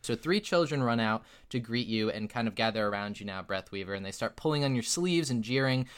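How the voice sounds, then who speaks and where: A man's voice: mid-range voice, lively intonation, brisk, smooth. A man narrating a tabletop game as game master, rambling with many fillers and laughs.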